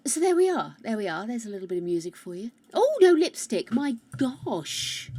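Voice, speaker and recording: A woman chatting casually with her live-stream viewers on a close mic, loud and rambling, greeting people by name. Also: a little high, big pitch swings, normal speed, hardly any pauses, slight background noise.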